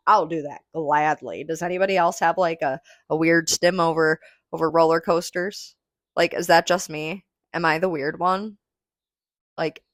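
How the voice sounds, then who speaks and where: Low-voiced woman chatting casually, swearing freely. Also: moderate pace, no room sound, studio quality. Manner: rambling, swears freely, laughs often; relaxed, smoking while talking. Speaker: podcast host. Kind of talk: casual podcast chat.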